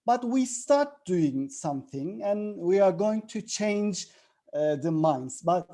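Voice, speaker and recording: Slow, halting man on a panel. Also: high-pitched, expressive, warm tone. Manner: halting, many filler sounds. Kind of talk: panel discussion.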